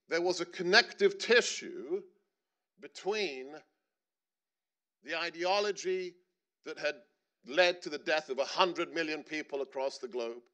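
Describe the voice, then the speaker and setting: Bright-voiced middle-aged man giving an earnest speech. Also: fairly high pitch. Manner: earnest storytelling with emphatic rises. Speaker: panelist speaker. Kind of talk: personal speech at a panel. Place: stage at a panel event.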